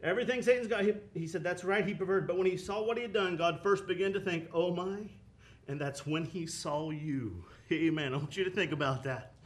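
Man, preacher, high voice, sermon, surging and dropping cadence. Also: a little fast. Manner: impassioned, rising and falling preaching cadence.

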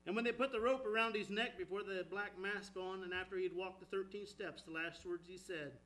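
A man preaching an impassioned sermon, swinging between loud exhortation and hushed storytelling. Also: fairly even intonation, fairly quick, hardly any pauses, slight background noise, poor audio. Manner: impassioned, rising and falling, drops low for storytelling. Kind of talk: fervent sermon.

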